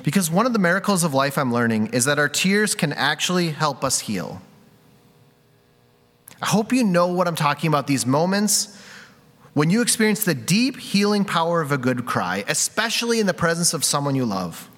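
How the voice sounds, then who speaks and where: In a church sanctuary, a man preaches a conversational sermon that is candid and self-deprecating, full of casual fillers. His fairly bright, higher voice swings widely in pitch at a normal speed, and the hall is reverberant.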